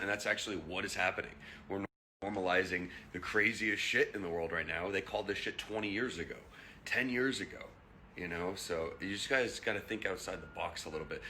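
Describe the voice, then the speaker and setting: A young man rants to his followers in a bright, forceful voice that sits a little low. He is blunt and profane and keeps firing rhetorical questions. A faint hum runs underneath. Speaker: vlogger. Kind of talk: heated rant to camera.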